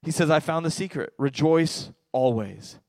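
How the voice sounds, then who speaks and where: Energetic pastor preaching, loud and soft. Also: male voice, on the high side, moderate pace, dry recording. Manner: energetic, swings between quiet and loud. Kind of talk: sermon.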